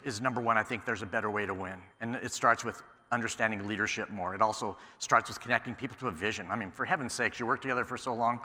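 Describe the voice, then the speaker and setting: A man giving a conference keynote, telling stories in an animated way and acting out the dialogue. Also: mid-range voice. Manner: animated storyteller, acts out quoted exchanges. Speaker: keynote speaker. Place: large conference hall. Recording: echoey hall sound.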